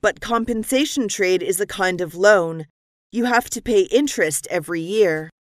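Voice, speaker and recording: Woman, lesson dialogue reader, measured and crisp, mid pitch, dry close recording. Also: no room sound. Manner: measured, even, clearly articulated reading. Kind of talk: scripted business dialogue reading.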